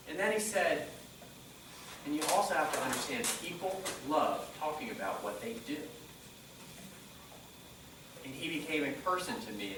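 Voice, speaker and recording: A man giving a motivational talk on stage, telling stories and acting out conversations in a lively way. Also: on the high side, slight background noise. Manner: animated storyteller quoting dialogue. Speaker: motivational speaker. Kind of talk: live presentation storytelling. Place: conference room. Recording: echoey hall mic from a distance.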